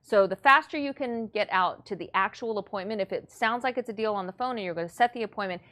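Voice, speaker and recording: A woman's voice: mid-range voice, fast talker, bright, forceful tone. A woman teaching real estate investors in a blunt, matter-of-fact, motivational way. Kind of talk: coaching lesson.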